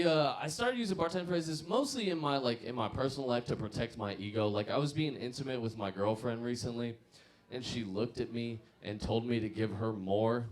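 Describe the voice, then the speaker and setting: A man in his mid-twenties doing profane stand-up comedy and working the crowd. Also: medium pitch.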